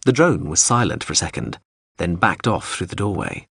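A man narrating an audiobook in a steady, even scripted reading. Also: low-pitched, normal speed, gravelly, breathy edge, no echo, clean studio sound.

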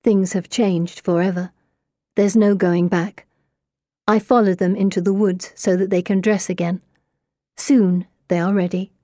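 A woman reading a first-person audiobook in a measured, even way. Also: mid-range voice, no echo, clean studio sound. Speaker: audiobook narrator. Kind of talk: scripted first-person narration.

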